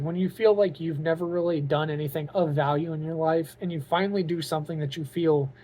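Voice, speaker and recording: A man's voice: a little high, darkish tone. A man talking to camera in a casual vlog, earnest and openly emotional, rambling with lots of "like" and "you know". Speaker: vlogger and aspiring author.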